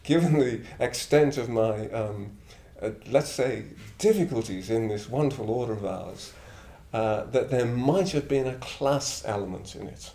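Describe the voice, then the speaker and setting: A Middlesbrough man in his seventies, a member of a Buddhist order, tells blunt, rambling anecdotes with a chuckle in a reflective way. His voice is medium-pitched and dark in tone, a little slow yet hardly pausing. The recording has an echoey room with faint ambience.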